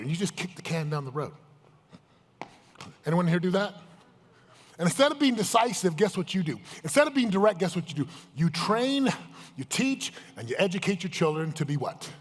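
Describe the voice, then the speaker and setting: Male motivational speaker, emphatic, quizzes the crowd, fairly high voice, live event hall echo. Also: very animated, normal speed. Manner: emphatic, questions the crowd directly. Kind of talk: live seminar talk to an audience.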